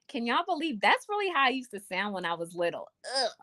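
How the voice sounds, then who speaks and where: A woman's voice: a little high, big pitch swings, normal speed, bright, forceful tone, no room sound. A young woman hosting a casual livestream from home, chatting and reading viewer comments aloud. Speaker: livestream host. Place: home room. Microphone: webcam or phone mic.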